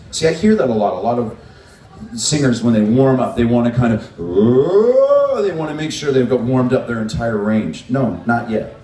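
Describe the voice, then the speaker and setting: A man's voice: mid-range voice, mellow, distant mic, slight background noise. A man running a vocal workshop at a music event, explaining breathing and resonance to a group. He demonstrates sounds as he goes. The room is echoey and he stands some way from the mic. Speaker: vocal coach.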